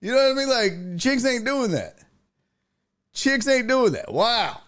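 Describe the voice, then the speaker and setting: A man's voice: fairly high pitch, animated, slow. A man hosting a casual sports talk stream, reading viewer comments aloud and riffing on them in loose, profane banter. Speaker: sports talk show host.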